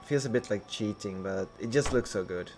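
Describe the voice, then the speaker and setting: Low-voiced man thinking aloud while playing. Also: normal speed, gravelly, a little mellow, soft background music. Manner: rambling, self-questioning, thinking aloud. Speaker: gameplay streamer. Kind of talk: casual gameplay commentary.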